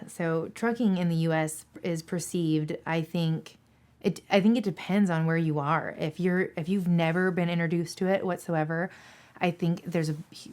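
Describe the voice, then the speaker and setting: Candid woman in her thirties, slightly low. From Seattle, Washington State. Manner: candid and earnest, with emphatic repetition. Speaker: dispatcher. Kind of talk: interview answers.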